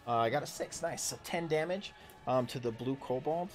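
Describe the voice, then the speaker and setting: A man in his thirties running a tabletop game as dungeon master, talking in a halting way with many fillers and restarts. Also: medium pitch, soft background music. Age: 30s. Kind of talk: narrating a tabletop game livestream.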